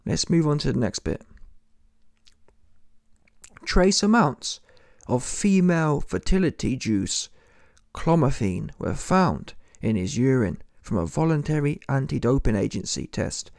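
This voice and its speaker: A man's voice: medium pitch, very animated, measured pace, creaky, darkish tone, no echo, studio quality. A young man, giving an exasperated, sarcastic reaction commentary straight to his viewers. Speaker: boxing commentator.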